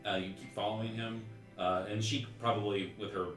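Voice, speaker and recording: A man narrating as game master of a tabletop game, talking haltingly with many fillers and restarts. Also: fairly low pitch, fairly even intonation. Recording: roomy stream audio with faint music.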